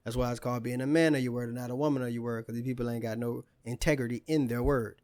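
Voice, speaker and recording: A man's voice: mid-range voice, steady tone, fast, a little mellow. Indignant man ranting on camera. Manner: indignant, rhetorical, repeats himself. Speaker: commentator. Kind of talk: ranting opinion monologue.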